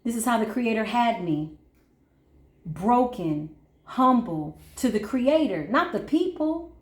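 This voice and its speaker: A woman's voice: mid-range voice, animated, slow pace, reverberant. A woman giving a casual spiritual pep talk during a card reading, speaking emphatically and colloquially and calling listeners baby and boo. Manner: swings between preachy intensity and quiet asides. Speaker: spiritual reader.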